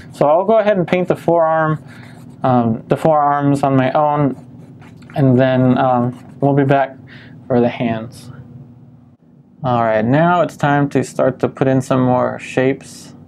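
Man, painting instructor, relaxed demo narration, soft fry in the voice. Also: mid-range voice, slow, slight background noise. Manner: calm step-by-step explaining with frequent ums.

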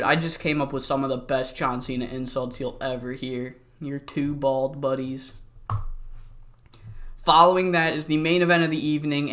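A man's voice: mid-range voice, a bit bright. A young man casually narrating a wrestling simulation game, jokey and rambling, with some swearing. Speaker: let's-play host.

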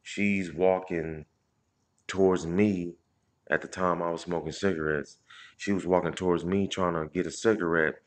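Very deep-voiced man telling a loose story. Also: steady tone, normal speed. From Indianapolis, Indiana. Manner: loose, profane street storytelling with many restarts and shout-outs. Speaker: comedian livestream host. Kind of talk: casual storytelling on a live stream.

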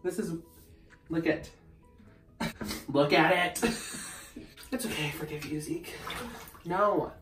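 A man's voice: on the high side, slow, pauses often, reverberant, music in the background. A young man chatting casually in a vlog, giggly and prone to yelps, recorded in a home bathroom. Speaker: vlogger.

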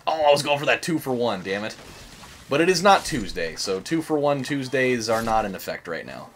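A man's voice: medium pitch, sing-song, brisk, a little hiss or hum. A young man hosting a let's-play, rambling and joking in casual commentary, swearing and saying "like" a lot. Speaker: gaming channel host.

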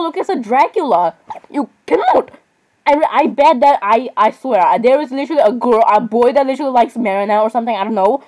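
A teenage girl reacting to videos in a casual vlog, excitable and exclamatory, jumping between loud outbursts and mumbled asides. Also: a little high. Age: teens. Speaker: reaction vlogger.

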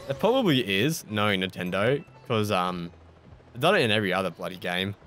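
A man's voice: lowish voice, sing-song, brisk, a bit bright. Chatty Australian man narrating gameplay. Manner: chatty and self-mocking, swears mildly, laughs at his own mistakes. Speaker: gaming YouTuber. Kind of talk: casual let's-play commentary.

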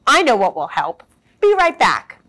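A vain, dramatic storybook sheep who fusses over her fluffy wool, as a woman reads her aloud. The voice rides high and swoops widely, drawn out slowly and theatrically. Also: sing-song, a bit bright, exaggerated voice. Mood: fussy. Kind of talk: children's storybook read-aloud.

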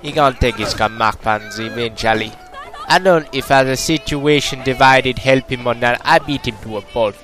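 A man's voice: mid-range voice, normal speed, a bit bright. A man commentating a video game walkthrough in a playful tough-guy persona full of street slang. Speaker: gameplay commentator. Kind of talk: let's-play commentary. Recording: game music clearly behind voice. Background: game music.

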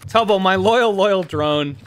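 A man's voice: high-pitched, a little slow, fairly bright tone. A man in a game role-play, giving a melodramatic, mock-solemn eulogy. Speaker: streamer playing a slime character.

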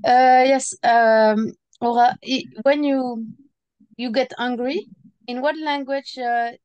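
A woman asking a question in a casual conversation, halting and hesitant. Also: on the high side, steady tone, a little mellow, clear, resonant tone, no echo, highs cut off.

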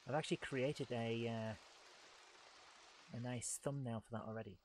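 A mid-range, fairly evenly intoned voice comes from a man streaming a video game a little slowly, chatting with viewers in a laid-back, self-deprecating manner. His live let's-play commentary sits over noisy game engine and vehicle sounds.

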